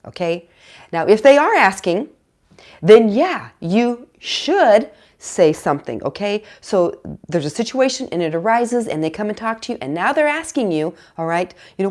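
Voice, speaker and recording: A woman's voice: medium pitch, normal speed. A woman hosting a parenting channel, talking casually to the camera, acting out parents and teens and checking in with "okay?" and "all right?". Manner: chatty, animated, acts out parents and teens in quoted voices. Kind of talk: casual direct-to-camera advice.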